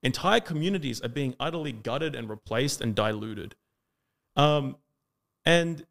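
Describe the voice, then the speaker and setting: A man's voice: medium pitch, animated, measured pace, gravelly, a bit bright. A man from Australia with an Australian accent, arguing in a debate in long run-on sentences with frequent fillers. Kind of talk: argumentative debate monologue.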